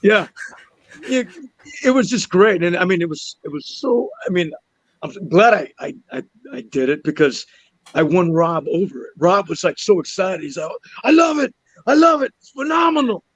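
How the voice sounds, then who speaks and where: Laughing, animated male actor. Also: sits high, moderate pace, dry recording, low-quality recording. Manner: animated, laughing, repeats words as he goes. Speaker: actor and podcast guest. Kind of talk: casual storytelling chat.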